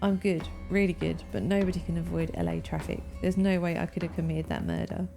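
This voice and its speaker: A woman's voice: fairly low pitch, flat delivery, brisk, vocal fry, mellow, soft background music. A woman reading as a prickly, defensive older woman contestant in a murder mystery game, speaking curtly and with indignation. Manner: curt, indignant.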